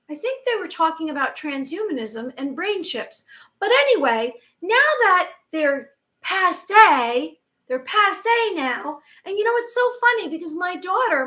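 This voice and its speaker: A woman in her forties with an extremely high, pushed and bright voice hosts a spiritual channel. She gives a casual, rambling monologue full of restarts and quoted asides.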